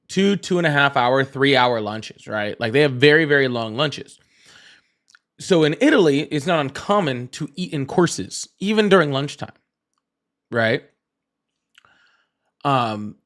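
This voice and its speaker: Here a livestream host speaks in a mid-range, slightly bright voice. He keeps things casual, rambling through fillers and restarts, saying hi to viewers in chat by name and dropping the odd swear word.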